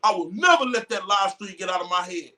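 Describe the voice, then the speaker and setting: A man rants in a loud, mocking way, swearing freely and shouting at times. His voice sits high and sounds bright and sharp. He is some way back from the mic. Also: lively intonation, a little fast, recorded from a distance. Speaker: commentary streamer. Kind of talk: casual trial commentary rant.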